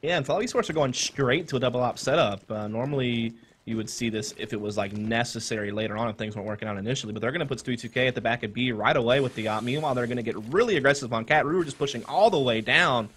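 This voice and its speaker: A man casting a competitive shooter match, calmly breaking down team tactics and holding back his excitement. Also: mid-range voice, husky. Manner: fast, analytical, holds back his excitement. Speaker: esports caster. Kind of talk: play-by-play game commentary.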